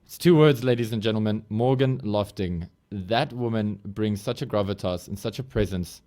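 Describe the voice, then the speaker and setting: A South African man co-hosting a casual podcast, eager and quick to laugh. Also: lowish voice, mellow. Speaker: podcast co-host. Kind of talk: casual chat.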